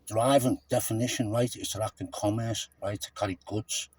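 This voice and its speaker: Combative man, 50s, mellow tone, preachy roadside rant. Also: on the low side, fairly even intonation, moderate pace, breathy edge. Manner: combative, lecturing, repeats "mate". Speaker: stopped motorist. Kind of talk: heated roadside argument. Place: roadside, by a car.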